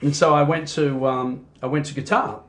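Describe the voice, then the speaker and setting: A middle-aged Australian man, a rock singer, chatting in an interview as an animated storyteller who fills his talk with "you know". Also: on the high side, normal speed. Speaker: singer and band frontman. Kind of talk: casual interview chat.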